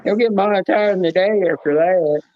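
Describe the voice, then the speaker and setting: A man's voice: high-pitched, brisk, no echo, muffled recording. A man joining a stream chat, teasing and joking in a casual way. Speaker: guest on a stream.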